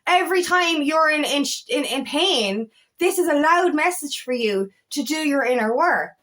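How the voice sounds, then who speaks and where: A twin flame coach talks unscripted to camera about spiritual matters, addressing her viewers bluntly and emphatically and swearing freely. Her high voice has lively intonation, a bit of brightness, and a normal speed.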